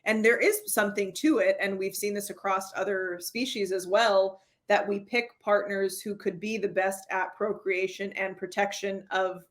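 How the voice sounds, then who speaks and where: A woman with a voice of ordinary, middle pitch speaks as a therapist guest on an interview. She tells stories in a lively way and often laughs. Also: moderate pace, few pauses. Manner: animated storyteller who acts out quoted dialogue and laughs often. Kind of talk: conversational interview.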